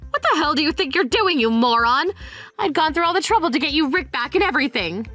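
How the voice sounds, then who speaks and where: A greedy, scornful mother with a high, harsh voice, put on by a woman. She berates and belittles in a sharp, cutting tone, like a voice in a dramatized storybook. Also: lively intonation, fast, faint music behind. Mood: berating.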